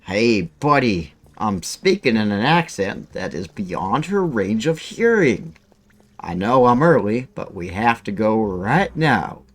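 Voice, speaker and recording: A man voicing a male robot core who puts on a slow, clumsy fake American drawl. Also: on the low side, big pitch swings, voice pushed up, full character voice. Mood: scheming.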